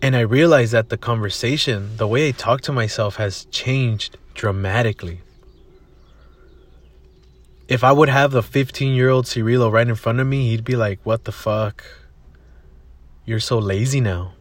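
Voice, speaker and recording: A man's voice: medium pitch, moderate pace. A young man hosting a casual solo podcast, rambling and swearing freely as he tells a story, recorded in a parked car. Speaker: podcast host.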